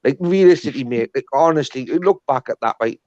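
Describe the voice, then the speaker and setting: A man's voice: medium pitch, lively intonation, brisk, a little mellow, no room sound. A man hosting a live stream panel, rambling and swearing a lot in casual banter. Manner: rambling, repetitive, heavy swearing. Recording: dull, dry lo-fi sound.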